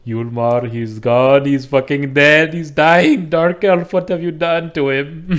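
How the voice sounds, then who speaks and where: A man playing a bigoted Nord friend in a put-on Indian accent, loud and taunting. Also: lowish voice, takes it slowly. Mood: mock alarm.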